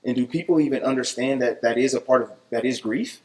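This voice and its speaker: Man, thoughtful, questioning, mid-pitch, conversational. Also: fast, a little mellow, slight background noise, poor audio. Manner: questioning, thoughtful, many fillers. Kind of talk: casual group discussion.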